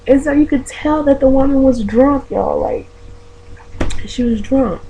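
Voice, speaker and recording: A woman's voice: sits high, expressive, measured pace, vocal fry, dark tone, a little hiss or hum, rough recording. A woman vlogger telling a story to her viewers in a chatty, profane way, calling them y'all. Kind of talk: casual storytelling vlog.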